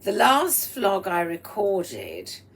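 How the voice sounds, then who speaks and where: A woman vlogging at home with a throaty, strained voice, speaking in a slow, deliberate and slightly formal way and often dropping into breathy whispered asides. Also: mid-range voice, huge pitch swings. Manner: proper, slightly formal phrasing. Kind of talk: rambling personal vlog monologue. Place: at home while cooking. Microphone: speaking into a microphone.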